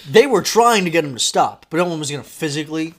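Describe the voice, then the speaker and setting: A man with a slightly high voice tells a story on a casual podcast. He talks in an animated way and acts out the shouted lines of the people in it. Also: fast talker. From Florida. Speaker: podcast host.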